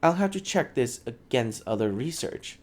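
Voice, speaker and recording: A man voicing an eager, fussy woman scholar who studies souls, in a raised, excited voice. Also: normal speed. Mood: clinical. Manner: excited, clinical, high-pitched.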